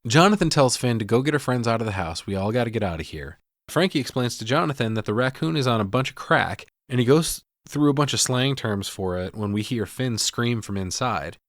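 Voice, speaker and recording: A man's voice: medium pitch, animated, a little fast, no echo, clean studio sound. A man co-hosting a podcast, recapping a film plot in a sarcastic, profane, wry way. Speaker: podcast co-host. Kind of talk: casual movie recap.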